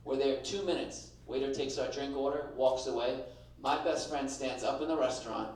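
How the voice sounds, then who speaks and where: A man's voice: medium pitch, moderate pace, a little mellow, very echoey, far from the mic, rough recording. A middle-aged man doing a stand-up comedy set, brash and punchy, acting out voices. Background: audience laughter.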